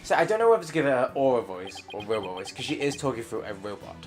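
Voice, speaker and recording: A man's voice: mid-range voice, very animated, quick pace, music in the background. A man playing through a story game, commenting casually and deciding which voices to use. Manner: thinking aloud, chatty asides. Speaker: let's play gamer.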